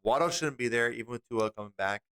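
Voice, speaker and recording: A man co-hosting a fantasy football chat late at night. His voice is smooth and resonant, and his talk runs sleepy and unhurried, with the odd yawn slipping in. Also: mid-range voice, expressive, fairly bright tone. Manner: yawning, tired late-night delivery. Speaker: podcast co-host.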